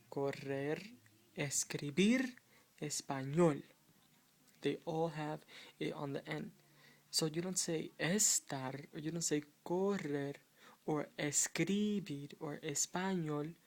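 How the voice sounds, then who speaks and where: Low-voiced woman with some gravel, teaching spanish accent rules, patient, keeps restarting sentences. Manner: patient, halting, repeats and restarts phrases; points at written words while explaining. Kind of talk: explaining grammar rules in a video lesson.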